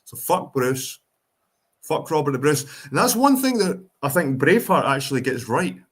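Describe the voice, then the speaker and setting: A man's voice: on the high side, sing-song, normal speed, a bit bright. A Scottish man hosting a livestream, ranting bluntly and swearing a lot in casual chat with viewers. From Scotland. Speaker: livestream host.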